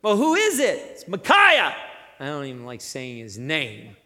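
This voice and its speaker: A man preaching a sermon, retelling a scripture story with lively energy and frequent asides. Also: a little high, unhurried, big-room sound. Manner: energetic, acts out characters, frequent "right?".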